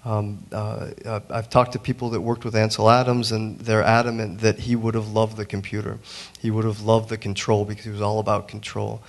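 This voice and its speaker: Earnest halting man telling a story. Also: fairly low pitch, level tone, vocal fry. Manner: halting, many restarts and fillers, earnest. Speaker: digital printmaker, panelist. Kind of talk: panel discussion storytelling. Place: museum auditorium.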